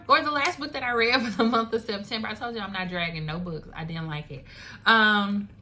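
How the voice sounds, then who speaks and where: Young woman rambling about books, bright voice, says like and y'all a lot, faint room hum. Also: mid-range voice. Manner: chatty, animated, laughing asides, lots of "like" and "y'all". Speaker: book reviewer. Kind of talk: casual chat. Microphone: phone camera.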